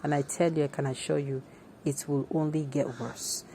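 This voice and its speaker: A woman's voice: low-pitched, flat delivery, normal speed, dark tone, slight background noise. A woman with a Nigerian accent hosting opinionated news commentary in an emphatic, conversational way, full of asides and restarts. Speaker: commentary host.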